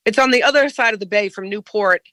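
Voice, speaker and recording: Chatty Rhode Island woman, bright voice. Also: mid-range voice, fast, dry recording. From Rhode Island, USA. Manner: chatty storyteller, tells local tales. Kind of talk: casual group chat.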